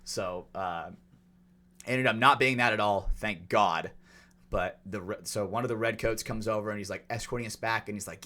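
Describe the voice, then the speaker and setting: A man co-hosting a podcast, telling a long story in a casual, animated way with lots of swearing. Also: on the low side, moderate pace. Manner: animated, profane, acts out quotes. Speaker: podcast co-host.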